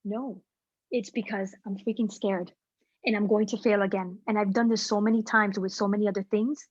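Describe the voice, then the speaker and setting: Husky-voiced woman giving an energetic pep talk. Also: mid-range voice, moderate pace, dry recording, muffled recording. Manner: energetic, casual, slangy. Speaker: guest speaker. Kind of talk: motivational team talk. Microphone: video call.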